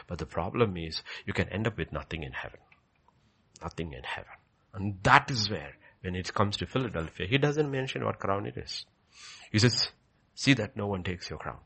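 A male pastor preaching a sermon, emphatic and repeating key phrases, swinging between loud declarations and quiet, low passages. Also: creaky, breathy edge.

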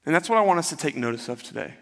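A man's voice: on the high side, sing-song, racing, creaky. A man preaching a sermon, retelling the story in a conversational way and acting out the quotes. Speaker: pastor. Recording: long hall reverb.

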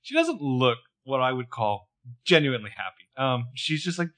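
Co-host, male, animated up-and-down delivery, wry jokey recap banter. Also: medium pitch, normal speed. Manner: jokey, wry asides, laughs often. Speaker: podcast co-host. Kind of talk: casual recap chat.

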